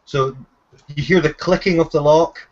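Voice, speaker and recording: A man's voice: a little high, fairly even intonation, normal speed, dull audio. A man running a tabletop game as game master, narrating hesitantly with many fillers and restarts.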